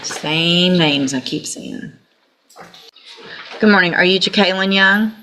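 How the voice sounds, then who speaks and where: A woman's voice: lowish voice, slow, bright, forceful tone, slight background noise. Stern woman judge. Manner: stern, commanding, scolding. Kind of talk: courtroom proceedings.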